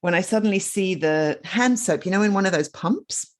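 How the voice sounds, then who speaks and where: A woman guest on a podcast, a storytelling coach explaining her ideas in casual, animated conversation. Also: mid-range voice, moderate pace. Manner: animated, explaining with many asides.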